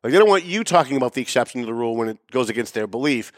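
Sarcastic guy ranting on his commentary show, mid pitch, jumps loud then mutters low, dry close sound. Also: expressive, very fast, no echo. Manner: sarcastic and emphatic, with mocking asides; swings between loud raised emphasis and low muttering. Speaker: show host. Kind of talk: opinionated political commentary monologue.

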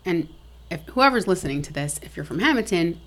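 A woman's voice: on the low side, expressive, brisk, fairly bright tone. A middle-aged woman telling a family story frankly and matter-of-factly as a podcast guest. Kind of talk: casual interview talk.

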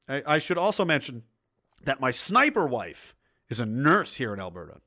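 A man's voice: medium pitch, big pitch swings, brisk, sharp tone. A man hosting a livestream, ranting in crude, mocking, blunt commentary and reading out viewer comments. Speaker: livestream host reading chat.

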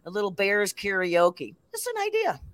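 A woman's voice: medium pitch, wildly swooping pitch, normal speed, no echo. A middle-aged woman from the Chicago area, co-hosting a casual chat show, talking in a chatty way and laughing often. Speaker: co-host.

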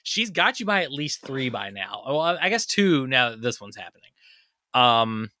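A man hosting a casual podcast, his voice bright and forceful. He teases his guest and rambles through his questions with plenty of fillers, recorded dry and close. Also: mid-range voice, big pitch swings, normal speed, dry recording. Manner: teasing, joking, rambling with fillers. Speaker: podcast host.

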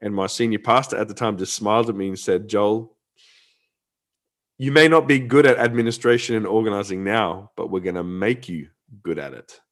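Chatty man telling a story. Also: lowish voice. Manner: chatty, halting with many restarts and fillers. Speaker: podcast host, former youth pastor. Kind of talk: casual chat with storytelling.

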